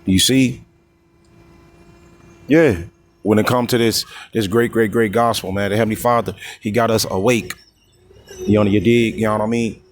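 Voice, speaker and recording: A man preaching on scripture in a coarse, heated way, reading verses slowly and drawn out and checking in with the listener again and again. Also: fairly low pitch, fairly even intonation, a little hiss or hum. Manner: constantly repeats "you see?" and "you know what I mean?". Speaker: street-style preacher.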